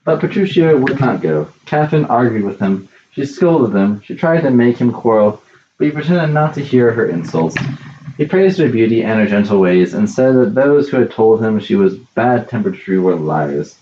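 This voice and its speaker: A man narrating a classic story in a measured, plain reading. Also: lowish voice, animated, warm tone, reverberant, muffled recording, a little hiss or hum.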